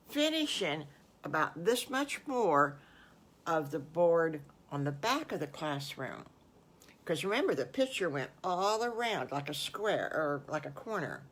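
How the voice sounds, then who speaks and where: Older woman, fond children's storyteller, slightly low voice, chatty. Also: sing-song, a little slow. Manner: warm, doting, chatty with fillers.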